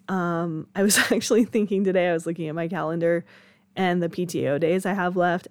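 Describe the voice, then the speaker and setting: A woman's voice: on the low side, dry recording. A young woman hosting her own podcast, chatting candidly with frequent laughs and casual swearing. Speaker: podcast host. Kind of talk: casual solo podcast chat.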